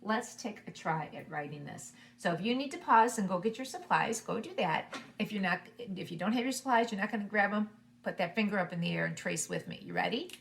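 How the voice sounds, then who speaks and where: A woman teaching a preschool circle-time lesson, talking slowly and encouragingly to young children. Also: medium pitch, expressive, creaky, a little hiss or hum. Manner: slow, sing-song, encouraging to young children.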